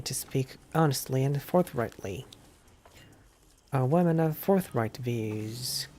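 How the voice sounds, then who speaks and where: Game streamer slowly reading English aloud. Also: male voice, medium pitch, a little mellow. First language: Japanese. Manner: slow deliberate reading, repeats words, looks them up.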